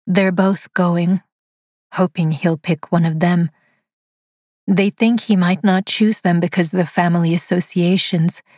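A woman voicing a battered, weary young woman who speaks quietly and submissively in a storybook reading. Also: fairly low pitch, fairly even intonation, a little slow, no room sound, studio quality. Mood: subdued. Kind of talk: audiobook dialogue read by a narrator.

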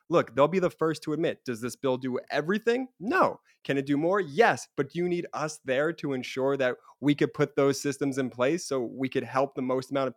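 A male podcast co-host who makes his point emphatically and sets up questions only to answer them himself. His voice sits at a middle pitch. It is recorded dry and close. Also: no room sound. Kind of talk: casual conversational storytelling.

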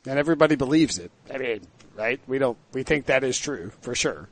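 A man's voice: mid-range voice, animated, a little fast. A man co-hosting a casual sports show, joking around and quizzing the others. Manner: jokey, asks the others questions. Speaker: sports podcast co-host.

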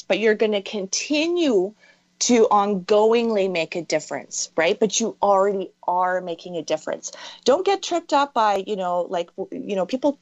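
A woman's voice: mid-range voice, lively intonation, normal speed, darkish tone, no echo. A woman interviewing and coaching, talking emphatically and repeating key phrases for stress. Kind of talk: motivational coaching conversation. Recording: dull lo-fi audio.

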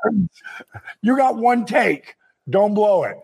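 A man with a husky, rather high voice tells a story on a podcast. He is animated and playful, acting out the other people in the story and breaking into laughter as he goes. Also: slow. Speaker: podcast host. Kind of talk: casual storytelling chat.

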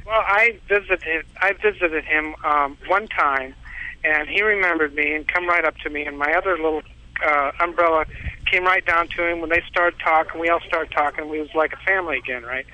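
A man's voice: fairly high pitch, normal speed, sharp tone, rough recording. A man calling in, telling a long story in a rambling, repetitive way and laughing at himself. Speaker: caller. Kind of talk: casual phone-in storytelling.

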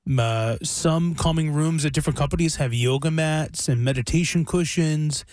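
A man's voice: on the high side, moderate pace, darkish tone, dry recording. A man co-hosting a radio show in the studio, chatting casually and rambling with restarts. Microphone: studio microphone.

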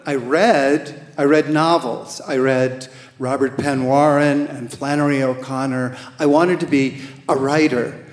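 Slow, wry man telling a story in a hall. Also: medium pitch. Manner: slow, gentle and wry, with hesitant restarts. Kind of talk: live first-person storytelling on stage. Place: stage in a large hall. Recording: echoey hall with long reverb.

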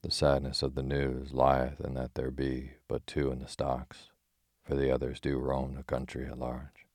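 A hearty, teasing outlaw speaks in old-fashioned jests, as a man reads him in a storybook. The voice sits very low and barely moves in pitch. It sounds close and dry. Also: completely flat delivery, normal speed, darkish tone, dry recording. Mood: jesting. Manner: jesting, archaic speech.

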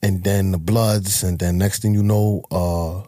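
A man's voice: deep voice, level tone, a little slow, warm tone, dry recording, studio quality. A man, telling his life story as a guest in a blunt, profane, emotional way. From Harlem, New York. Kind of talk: candid life-story interview.

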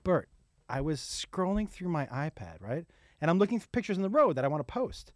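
Animated storytelling man, dry sound. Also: fairly high pitch, no echo. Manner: animated, quick storytelling with crude humor. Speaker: comedian and podcast host. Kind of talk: casual storytelling chat.

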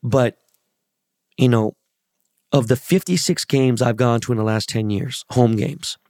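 A man hosting his podcast with a hoarse, worn-out voice from yelling, talking casually, bluntly and with lots of swearing. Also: medium pitch, fairly even intonation, measured pace, no room sound, studio quality. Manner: blunt, swears a lot, rambling. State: hoarse, lost voice. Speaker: podcast host. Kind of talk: casual profane podcast monologue.

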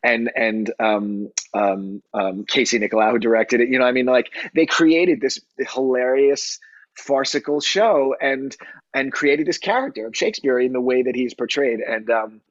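A middle-aged man speaking as an interview guest, halting and often searching for words. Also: medium pitch, no room sound. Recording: dull, dry lo-fi sound.

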